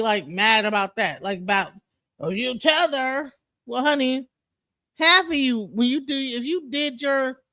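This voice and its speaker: A bright, sharp voice tears through a casual livestream rant. The speaker is heated and swears freely, restarting sentences and stumbling over repeated words. The sound is close and dry, with no room around it. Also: mid-range voice, dry recording. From Detroit. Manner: profane, heated and emphatic. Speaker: livestream host.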